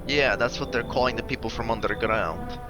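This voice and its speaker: A man's voice: medium pitch, a little fast, natural voice. A man reading the lines of a worried neighbor in a horror game, in a put-on Russian accent. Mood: concerned. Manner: earnest, mock Russian accent. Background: game music.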